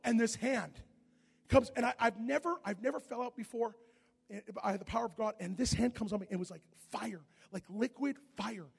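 A man preaching a sermon, telling a story animatedly and often shouting, with a husky voice. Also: extremely high pitch, moderate pace, big-room sound.

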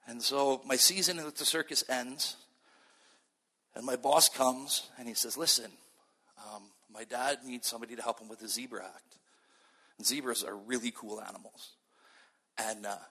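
A Canadian man with a husky, mid-range voice delivers a sermon-style personal testimony. He tells his story in an animated way, acting out the dialogue, and the long reverb of a large hall surrounds him.

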